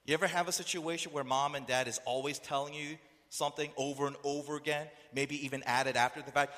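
A man's voice: mid-range voice, lively intonation, fast, hardly any pauses, a bit bright. A man preaching a sermon who keeps asking the listeners rhetorical questions. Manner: rhetorical questions, acts out voices. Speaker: pastor. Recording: echoey hall reverb.

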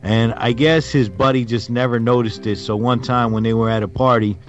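A man's voice: mid-range voice, steady tone, fairly quick, soft background music. A middle-aged man co-hosting a podcast, telling stories in a rambling, hesitant way full of ums. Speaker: podcast co-host. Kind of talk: casual storytelling chat. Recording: dull lo-fi recording.

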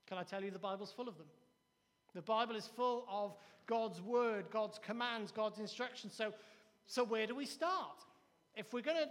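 A man's voice: very high voice, a bit bright, in a large hall. A man preaching a sermon as pastor, emphatic, with repeated phrases and acted-out quotes. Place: church.

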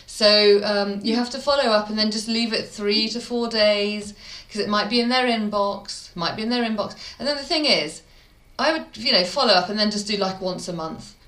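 Midlands woman, PR guest, lively chatty storyteller, roomy sound. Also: mid-range voice, normal speed, few pauses. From English Midlands. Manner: chatty, animated storyteller, laughs often. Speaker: PR expert guest. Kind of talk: casual interview talk.

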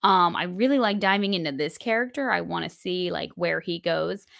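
A woman's voice: fairly low pitch, animated, normal speed, creaky, a bit bright, no echo, studio quality. A woman co-hosting a podcast, chatting casually through an episode recap with plenty of fillers. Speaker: podcast co-host. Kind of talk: casual spoiler recap chat.

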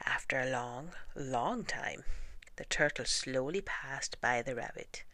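A woman reading children's stories aloud in a soft-spoken ASMR style. She is gentle and often half-whispers. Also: a bass voice, slow, dry recording. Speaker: storyteller.

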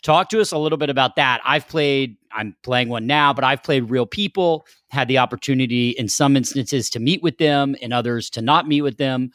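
A man with a mid-range voice co-hosts a casual talk. He asks quick questions and keeps the conversation moving with brief replies. The sound is dry and close. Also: medium pitch, a bit bright, no echo. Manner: quick, interjecting with short responses. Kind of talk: casual chat.

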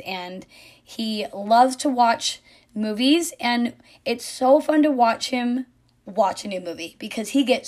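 Earnest soft-spoken mother. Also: on the high side. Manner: earnest, heartfelt, soft-spoken with quiet whispered asides. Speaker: mother of an autistic son. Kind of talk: personal reflective monologue.

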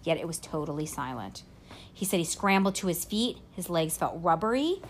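A woman podcast host retelling a story in casual chat, haltingly, with fillers and self-corrections. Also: fairly low pitch, sing-song, slight background noise.

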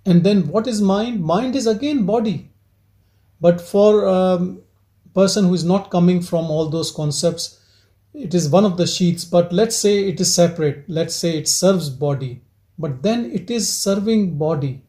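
A man leads a satsang, his voice sitting high for a man yet soft and mellow in tone. He turns over one rhetorical question after another in a gentle, probing teaching manner, the talk reflective rather than forceful. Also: a little slow. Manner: asks repeated rhetorical questions. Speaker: spiritual teacher leading a satsang.

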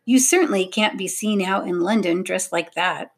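A woman's voice: medium pitch, moderate pace, vocal fry, husky. A woman voicing a prim, disdainful wealthy lady in an audiobook. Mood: snappish. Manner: prim, disdainful, upper-class. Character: haughty wealthy Victorian lady, cold and snappish.

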